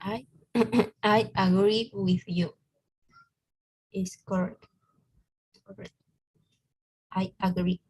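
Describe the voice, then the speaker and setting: Slow, hesitant woman student on a call. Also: medium pitch, fairly even intonation, breathy edge. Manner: hesitant, quiet answers. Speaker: English student. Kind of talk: online English lesson. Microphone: video call.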